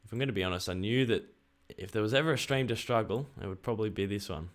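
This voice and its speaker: A young Australian man chatting excitedly on a live stream and reading out viewer messages. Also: on the low side, fast talker. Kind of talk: casual live stream chat.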